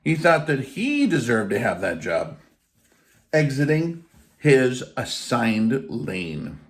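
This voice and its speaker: A man's voice: medium pitch, huge pitch swings, slow. A man giving an informal spiritual teaching in a blunt, emphatic way, with casual swearing. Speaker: faith teacher.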